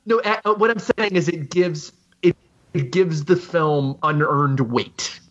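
A man's voice: on the high side, unhurried, dull audio. A man co-hosting a casual film discussion, talking with hesitant restarts and laughing easily. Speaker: podcast co-host.

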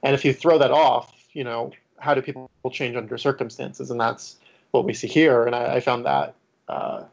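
A man's voice: mid-range voice, normal speed, vocal fry, dull audio. A man in a casual critical discussion, speaking thoughtfully with hesitations and light chuckles. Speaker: podcast panelist.

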